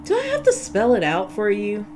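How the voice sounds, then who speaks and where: A woman's voice: medium pitch, huge pitch swings, normal speed, background noise, pitched above the performer's own voice. Woman reading as an unhinged woman captor. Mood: menacing. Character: unhinged cheerful woman caretaker turned captor. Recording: game playthrough with music behind.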